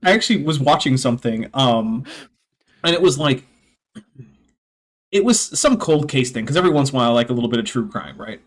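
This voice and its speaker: A man's voice: mid-range voice, lively intonation, a little fast, long pauses. A man hosting a reaction stream, talking in a rambling, casual way with lots of fillers and sarcastic asides. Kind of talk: casual chat.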